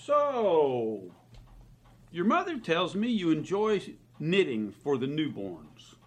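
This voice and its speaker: An actor playing a kindly, earnest small-town reverend who speaks calmly. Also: male voice, on the high side, exaggerated voice. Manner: calm, earnest, slow. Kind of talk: drama scene.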